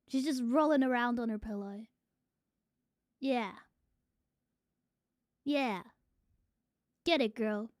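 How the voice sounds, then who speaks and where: A woman's voice: fairly high pitch, takes it slowly, pauses often, no echo, studio quality. A young adult woman streamer chatting casually to her viewers, swearing freely. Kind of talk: casual live-stream chat.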